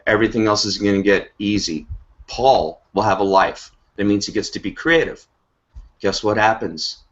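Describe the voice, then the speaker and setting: A man with a somewhat low voice delivers a motivational pitch as host of an online team call. He drives his points home emphatically and keeps tagging his lines with "okay?" and "right?". The sound is dull and lo-fi, like web call audio. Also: moderate pace. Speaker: host of a business update call. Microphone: online video call.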